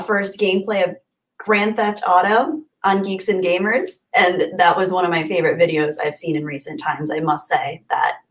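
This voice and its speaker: A woman hosting a live stream, chatting casually and greeting viewers from the chat with gushing, friendly thanks. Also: mid-range voice. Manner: warm, gushing, chatty with frequent laughs. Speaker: livestream host. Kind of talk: casual livestream chat reading.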